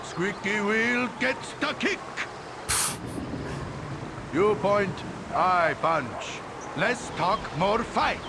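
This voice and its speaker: Brawny warrior, high-pitched and slow, blunt short lines, loud game noise behind. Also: male voice, lively intonation, creaky, exaggerated voice. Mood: gruff eager. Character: big booming male warrior, eager to brawl.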